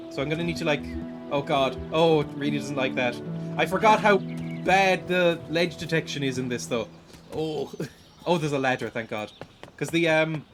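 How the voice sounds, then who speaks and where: A young man giving rambling, self-deprecating gameplay commentary, stumbling and repeating words as he plays at home. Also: a little high. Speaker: streamer. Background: game music.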